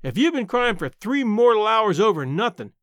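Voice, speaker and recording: A man voicing a blunt, sharp-tongued old countrywoman aunt in a story reading, dry and matter-of-fact, with plain country talk. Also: sits high, big pitch swings, normal speed, no room sound, pitched above the performer's own voice, exaggerated voice.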